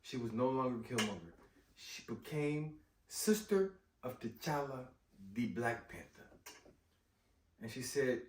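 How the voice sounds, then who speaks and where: A man recapping a movie in casual chat, animated and slangy, often exclaiming. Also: mid-range voice, slow pace, pauses often. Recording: roomy echo, distant mic.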